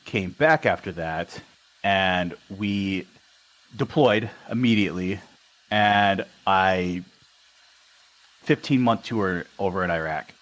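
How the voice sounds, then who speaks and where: Speaking slowly with long pauses in a deep voice, a young army veteran from Wisconsin shares casual stories as a podcast guest, animatedly performing the dialogue. The recording quality is low.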